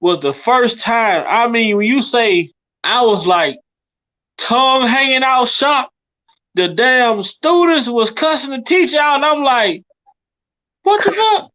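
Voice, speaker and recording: A woman from the South, telling stories in an animated, incredulous way during a casual podcast chat. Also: on the high side, unhurried. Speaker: podcast co-host. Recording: slightly dull, lo-fi sound.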